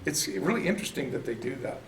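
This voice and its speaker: A Bible study teacher with a mid-range voice talks fast and very animatedly while leading a casual church class. He's chatty and self-deprecating, often laughing at himself. The room is echoey and the mic sits at a distance.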